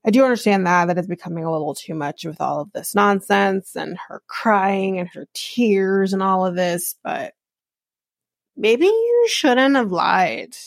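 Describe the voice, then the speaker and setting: A woman's voice: medium pitch, fairly even intonation, normal speed, gravelly, hardly any pauses, no echo. A woman podcast host giving a casual, blunt and sarcastic recap of a reality show, swearing freely. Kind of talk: casual commentary.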